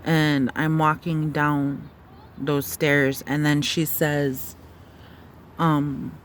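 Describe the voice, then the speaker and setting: A woman retelling a dream in a halting, searching way, with many fillers and restarts. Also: sits low, flat delivery, slight background noise. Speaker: storyteller. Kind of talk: personal testimony of a dream.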